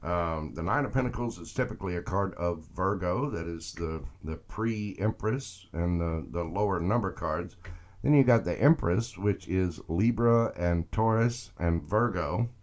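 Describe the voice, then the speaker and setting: A man's voice: sits low, measured pace, a little mellow. A man reading tarot cards on a live stream, chatting with viewers and greeting them by name. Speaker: tarot reader.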